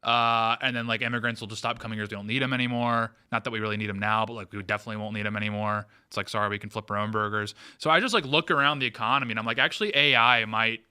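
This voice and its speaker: A man with a very bright, sharp voice rattles off rambling anecdotes on a podcast panel. He talks fast, laughs often, and strings his thoughts together with lots of "like.". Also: fairly low pitch, steady tone, smooth. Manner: rambling, laughing, full of "like" fillers. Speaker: podcast co-host. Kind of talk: casual panel chat.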